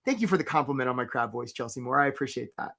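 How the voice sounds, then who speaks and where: A man hosting a live career webinar. He talks with energy, keeps asking "right?" and gives quick shout-outs to viewers. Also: medium pitch, expressive, creaky. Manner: acts out voices for stories, playful.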